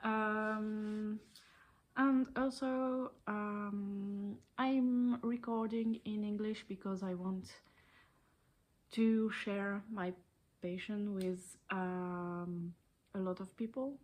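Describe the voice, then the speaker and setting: A woman's voice: mid-range voice, fairly even intonation, drawn-out words, a little mellow. A woman in her thirties with a French accent, chatting hesitantly in her living room about her knitting for a video podcast. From France. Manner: hesitant, many ums, a little shy on camera. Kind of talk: casual video podcast chat.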